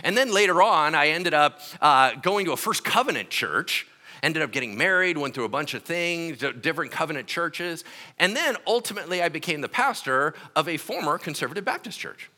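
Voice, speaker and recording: Middle-aged male pastor, bright and animated storyteller, fairly high voice. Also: a little fast. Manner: animated, acts out quotes with shouts and laughs. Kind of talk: sermon storytelling.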